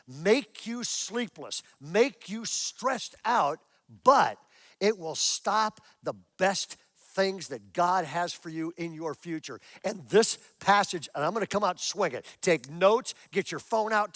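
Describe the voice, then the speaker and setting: High-voiced older man preaching. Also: no room sound, studio quality. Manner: animated storytelling, acting out his own prayers; asks the congregation questions. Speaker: pastor. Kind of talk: sermon. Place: church auditorium with a congregation.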